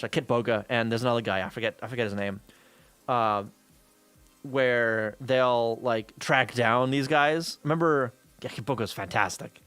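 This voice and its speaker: A man streaming, telling a story in casual chat with an animated, profane manner, acting out the voices of the people he talks about. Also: medium pitch.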